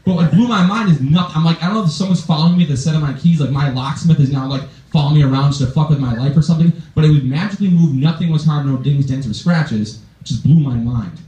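A man's voice: on the high side, quick pace, hardly any pauses, warm tone, roomy sound, far from the mic. A young man doing a stand-up set, telling rambling, profane stories with growing exasperation. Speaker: stand-up comedian. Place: comedy club stage.

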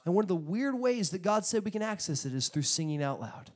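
A male pastor preaching a sermon, telling stories in an animated way, acting out quotes and bursting out loudly at times. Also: high voice, fast talker. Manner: animated storytelling with sudden loud bursts; acts out quotes in his stories.

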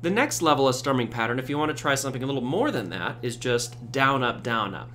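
A man giving a casual ukulele tutorial, relaxed, with frequent fillers, counting beats aloud. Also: mid-range voice, quick pace, soft background music. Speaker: ukulele teacher. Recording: loud ukulele under voice. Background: ukulele strumming.

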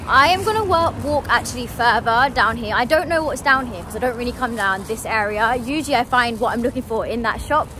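A woman's voice: a little high, fairly quick, few pauses, a little hiss or hum. A chatty young woman vlogging casually to her viewers, a bit out of breath from walking between shops. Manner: chatty and excitable, addressing viewers as guys. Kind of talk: casual vlog to camera.

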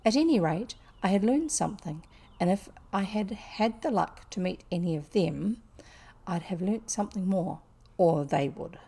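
A bluff, cheerful male otter from a storybook, telling his tale with gusto, as a woman voices him. The voice is mellow and husky with a gravelly grain. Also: mid-range voice, normal speed. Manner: lively, boisterous storytelling. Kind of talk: storybook reading.

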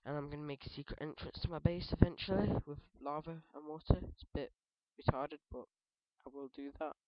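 A man's voice: fairly high pitch, steady tone, brisk, dry recording. A British teenage boy rambling through casual, jokey let's-play commentary, often correcting himself mid-sentence. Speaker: gaming video host. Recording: dull dry lo-fi mic.

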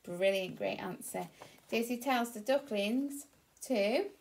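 A woman teaching a phonics reading lesson to young children, slow, clear and encouraging. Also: on the high side, darkish tone.

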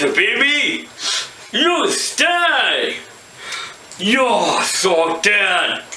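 A young man acting out an improvised toy puppet skit, playful and excitable, with sudden shouts. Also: sits high, drawn-out words, slight background noise. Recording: echoey room, mic far off.

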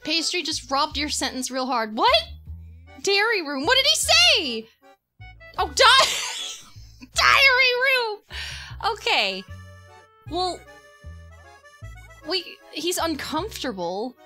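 A woman with a very high, bright voice streams a life-sim game live, laughing constantly and swearing at what she sees. She talks slowly, but her pitch bounces all over. Faint music plays behind her. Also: very animated. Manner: giggly, swears often, reacts loudly. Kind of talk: live gameplay commentary.

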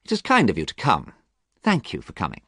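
A man's voice: on the low side, huge pitch swings, brisk, pushed and bright, husky, dry recording, clean studio sound, full character voice. A man voicing a desperate young man who urgently commands and threatens. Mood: greeting. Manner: urgent, insistent pleading.

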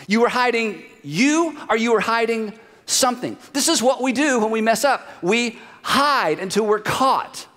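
A male pastor preaching in an animated, conversational way, his fairly high voice leaping up and down in pitch. He sinks to a hushed, intense tone for key points. A long church-hall reverb trails every phrase. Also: measured pace. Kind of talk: sermon. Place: church sanctuary.

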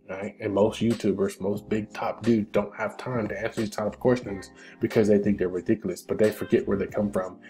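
Blunt low-voiced man hosting a Q&A. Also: warm tone. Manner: blunt, profane, pep-talk style. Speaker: crypto channel host. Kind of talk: casual Q&A livestream.

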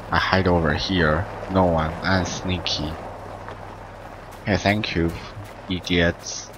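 Deep-voiced young man doing game commentary. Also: noisy background. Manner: excitable, swears, broken English. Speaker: gameplay commentator. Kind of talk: let's play commentary. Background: game music.

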